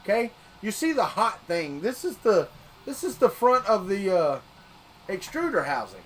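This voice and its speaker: A high-voiced man with a Southern US accent, from Florida, talks loosely to his livestream viewers about 3D printing. He rambles and often restarts or repeats words as he works at his printer. A faint hum of room ambience sits behind him. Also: very animated, moderate pace, a bit bright. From Florida, United States. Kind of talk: casual live-stream chat.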